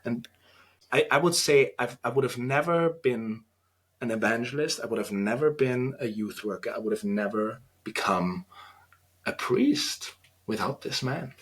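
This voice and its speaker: A man in his thirties with an Austrian German accent, a guest on a podcast interview, talking earnestly and reflectively with halting restarts. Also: mid-range voice, animated, a bit bright. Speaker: podcast guest, trainee priest.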